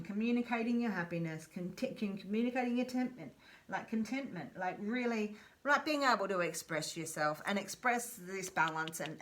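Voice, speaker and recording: A woman's voice: on the low side, a bit bright. A woman giving a casual tarot reading in a chatty way, repeating phrases and correcting herself, with playful joking asides. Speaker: tarot reader.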